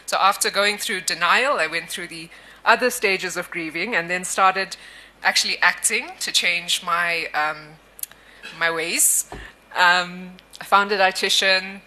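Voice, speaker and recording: Woman speaker at a conference, low, very bright voice, warm and candid. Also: measured pace. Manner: warm, candid, laughs easily. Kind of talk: conference presentation. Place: conference hall. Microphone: stage microphone.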